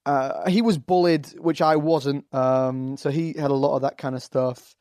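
A man's voice: mid-range voice, steady tone, normal speed, darkish tone, no room sound. Hesitant English man, dry close sound. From England. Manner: hesitant, lots of fillers and restarts. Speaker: actor guest. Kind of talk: casual podcast interview.

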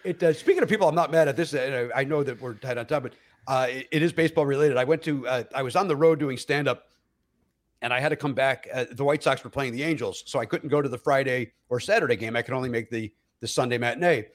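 A man, a comedian, telling stories in a casual podcast chat, with loud acted-out quotes, many fillers and restarts, and frequent laughter. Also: mid-range voice, quick pace. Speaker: comedian guest.

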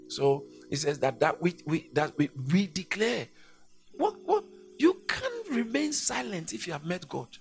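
A man preaching a sermon, emphatic and repetitive, swinging from hushed lines to shouts. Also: medium pitch, creaky.

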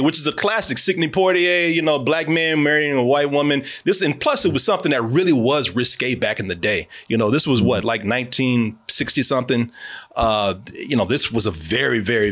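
A young man hosting a casual movie review chat, emphatic and animated, swearing and laughing often. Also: on the high side. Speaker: podcast host.

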